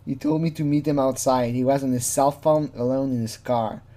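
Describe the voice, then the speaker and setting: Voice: mid-range voice, steady tone, fairly quick, dark tone. Chatty, swearing true crime commentator. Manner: chatty, laughs often, swears, mimics people in quotes. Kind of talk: casual reaction commentary.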